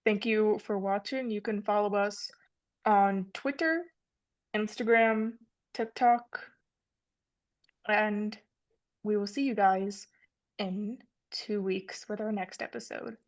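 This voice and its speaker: Young woman, podcast co-host, easygoing casual talk, swears and laughs, middle pitch. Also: fairly even intonation, takes it slowly, pauses often. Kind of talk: casual chat.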